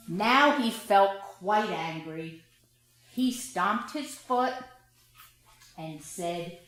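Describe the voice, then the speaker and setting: A woman, a school director, reading a children's picture book aloud in a playful, expressive way, asking the listeners questions. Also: fairly high pitch, slow. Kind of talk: children's storybook read-aloud. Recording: very echoey room.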